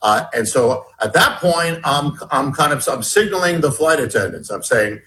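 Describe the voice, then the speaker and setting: A man being interviewed as a guest author, telling a personal story in an earnest, halting, urgent way. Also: mid-range voice, animated, pushed and bright, poor audio.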